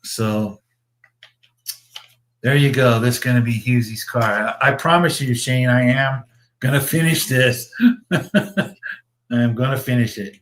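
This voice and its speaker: A man's voice: medium pitch, a little slow, long pauses, a bit bright. A man hosting a casual livestream, chatting about his model builds in a rambling way, with swearing and chuckles. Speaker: slot car builder and show host.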